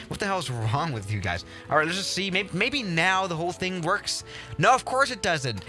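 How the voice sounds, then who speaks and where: A young man giving casual, excitable commentary while playing a flight simulator, often exasperated and restarting his sentences. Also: a little high. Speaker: flight sim streamer.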